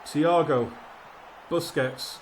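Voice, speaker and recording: Man, gaming commentary, excitable match-caller, fretting, slightly high voice, faint background hum. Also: drawn-out words. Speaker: gaming YouTuber playing a football management game. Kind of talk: live game commentary.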